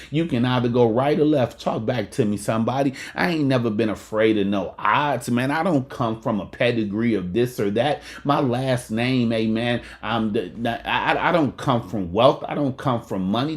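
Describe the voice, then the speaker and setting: A man giving a preacherly motivational talk, often asking listeners to talk back and repeating lines for emphasis. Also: medium pitch. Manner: call-and-response, repeats lines for emphasis, says "amen" often; colloquial Southern Black church cadence with dice-game slang. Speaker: motivational speaker and pastor.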